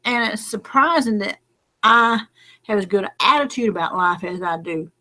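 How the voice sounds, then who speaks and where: A woman's voice: mid-range voice, moderate pace, bright, forceful tone. A middle-aged woman, talking in a late-night casual vlog, rambling and folksy, drowsy and close to tears. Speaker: lottery number vlogger.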